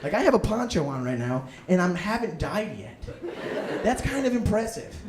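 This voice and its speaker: A young man performs stand-up, poking fun at himself in a lively, bouncing delivery that leaps into excited inner voices. His voice sits a bit high for a man. The room echoes and a steady noise runs under him. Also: moderate pace. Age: young adult. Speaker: student stand-up comic. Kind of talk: stand-up comedy set. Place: live comedy room with audience. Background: audience laughter.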